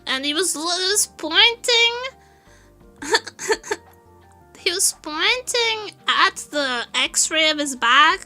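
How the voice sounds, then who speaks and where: High bright-voiced young woman streamer. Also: drawn-out words, long pauses, faint music behind. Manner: laughs often, animated storytelling. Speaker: vtuber streamer. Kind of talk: casual chat.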